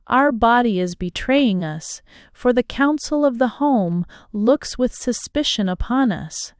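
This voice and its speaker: A woman reading a novel aloud as an audiobook narrator, in a slow, measured manner. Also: on the high side, lively intonation, clean tone, dry recording, studio quality. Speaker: audiobook reader. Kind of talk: scripted narration.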